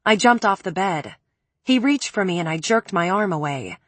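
A woman's voice: fairly low pitch, animated, normal speed, no room sound. A woman reading first-person audiobook narration with intense, emotional storytelling.

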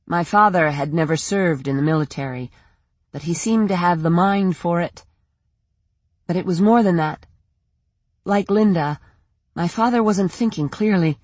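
Audiobook narrator, first-person story, steady measured read, dry close mic. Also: medium pitch, no room sound.

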